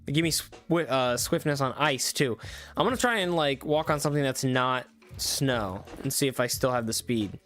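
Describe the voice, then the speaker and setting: A man's voice: mid-range voice, animated, moderate pace, fairly bright tone, faint music behind. A young man casually commenting on a live stream, chatty and enthusiastic with lots of fillers. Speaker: streamer reviewing viewer-made game mods.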